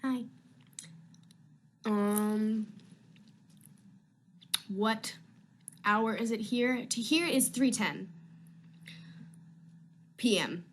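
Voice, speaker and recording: A woman's voice: on the high side, very slow, long pauses, slight background noise. A young woman actress chatting casually on a live video stream from home, answering fan questions in a rambling, easily sidetracked way.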